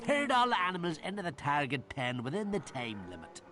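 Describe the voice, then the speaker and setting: An actor playing a lazy, joking farmer in a video game, with a put-on rural accent, heard distantly through the game audio. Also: male voice, fairly high pitch, big pitch swings, fairly quick, music in the background. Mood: laid-back. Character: lazy rural male farmer, jokey and easygoing.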